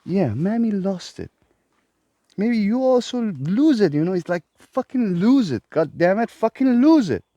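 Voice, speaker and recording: A man's voice: high voice, sing-song, a little slow, mellow, no echo. A man who hosts a self-help vlog, delivering a profane, exasperated ranting monologue. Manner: profane, emphatic, exasperated rant.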